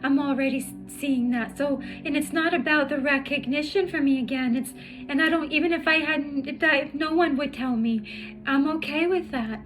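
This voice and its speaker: A tired woman sharing her personal story in a heartfelt vlog, halting and emotional, with many fillers and restarts. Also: sits high, low-quality recording. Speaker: spiritual vlogger. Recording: music playing in the background.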